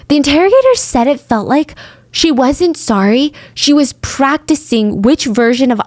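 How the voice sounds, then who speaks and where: A young woman hosting a true crime podcast, telling the story casually with lively asides and acted-out quotes. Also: high-pitched, unhurried, dry recording.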